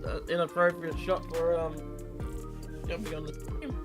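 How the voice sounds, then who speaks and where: A man's voice: on the high side, level tone, normal speed, over loud music. A man with an Australian accent, chatting playfully as a guest and laughing often. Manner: giggly, playful, teasing. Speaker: guest on a stream. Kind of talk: casual chat.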